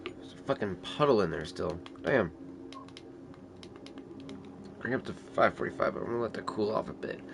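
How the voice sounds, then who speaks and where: Low-leaning and gravelly, this man's expressive voice moves at a quick pace. A console game streamer, he chats casually off camera at home, slipping into baby talk with his cat and swearing freely, with noise in the home background.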